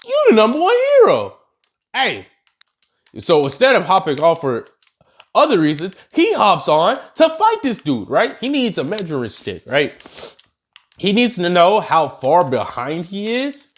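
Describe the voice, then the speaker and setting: A young adult man telling an anime what-if story in a casual, slangy, animated way, talking to viewers as y'all. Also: high-pitched, a little slow. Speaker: YouTuber.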